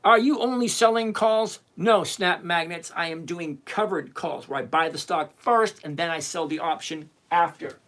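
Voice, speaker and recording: A middle-aged man hosts a livestream on covered-call trading, answering chat questions in a brash, animated, teasing way and reading chat names aloud. His voice sits on the high side, at a moderate pace with hardly any pauses.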